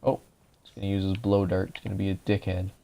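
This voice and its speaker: A young man with a low, gravelly voice talks through a game walkthrough in a relaxed, explanatory way. His voice sounds a little dry. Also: fast. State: voice drying out. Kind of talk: casual gameplay commentary.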